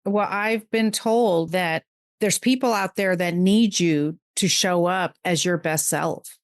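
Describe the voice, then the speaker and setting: A woman's voice: on the low side, no echo. Earnest middle-aged woman, dry close mic. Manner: earnest, emotional, talks in quick bursts. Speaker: podcast guest. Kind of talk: heartfelt conversational interview.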